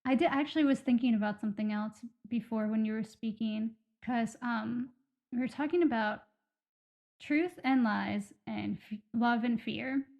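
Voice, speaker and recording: A woman's voice: on the high side, moderate pace, vocal fry, a little mellow. A woman co-hosting a podcast who speaks hesitantly and keeps searching for her words in a casual conversation. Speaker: podcast co-host.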